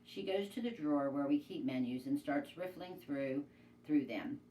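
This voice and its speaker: A woman, a teacher, reading a children's novel aloud in a plain, steady storytelling way. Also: deep voice, normal speed, distant mic. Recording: echoey room, away from mic, faint noise.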